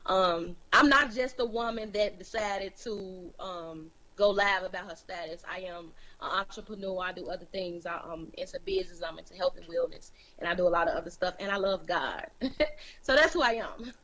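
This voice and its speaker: A woman's voice: mid-range voice, expressive, moderate pace, bright, forceful tone, rough recording. A woman from Chicago in her thirties, a guest speaking candidly about her life in an interview. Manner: candid, plain-spoken, laughs easily. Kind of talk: interview, sharing her story.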